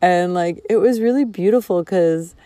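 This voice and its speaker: A woman's voice: fairly low pitch, moderate pace, warm tone, dry recording. A young woman vlogger telling a personal story candidly, emotional and swearing freely, with lots of fillers. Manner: frank, emotional, swears a lot, filler-heavy.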